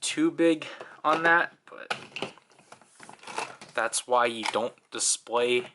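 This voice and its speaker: A man's voice: mid-range voice, extremely slow, background noise. A young man giving a casual, chatty toy review, full of fillers and small laughs.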